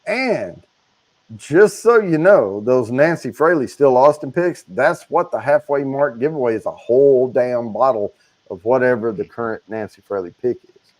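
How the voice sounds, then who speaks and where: Relaxed and talkative, this man co-hosts a casual livestream and goes over the giveaway details at normal speed, his pitch sitting in the middle range.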